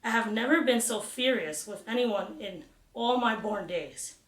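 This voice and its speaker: A woman reading aloud, voicing a calm middle-aged mother who talks softly and evenly. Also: on the high side. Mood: quietly calm. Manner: soft, quiet and measured. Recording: roomy echo.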